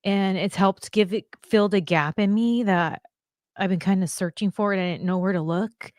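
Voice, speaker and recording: A woman, a pro wrestler guest, telling stories in casual chat, animated and openly emotional, speaking over a video-call stream. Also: mid-range voice, moderate pace, no room sound, studio quality. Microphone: video call streaming setup.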